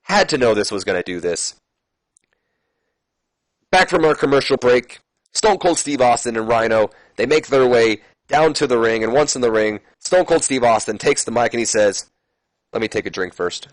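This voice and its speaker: A man's voice: mid-range voice, animated, moderate pace, no room sound. A man casually narrating a simulation game, rambling with fillers and correcting his own slips. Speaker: let's play commentator.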